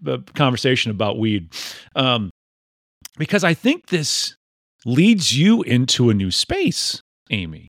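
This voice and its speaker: A man's voice: medium pitch, unhurried, no echo, studio quality. A man hosting a podcast interview, joking and teasing his guest in a casual chat. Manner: jokey, animated, teasing, puts on funny voices. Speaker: podcast host.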